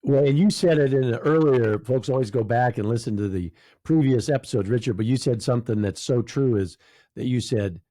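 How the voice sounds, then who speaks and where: A man's voice: medium pitch, brisk, warm tone, no echo. A man hosting an interview, affirming his guest and linking the guest's points to his own anecdotes. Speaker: podcast host.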